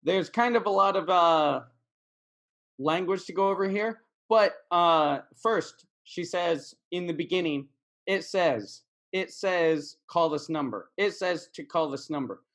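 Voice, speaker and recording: A man's voice: sits high, measured pace, fairly bright tone. A man teaching English in a casual video lesson, repeating words and phrases for practice.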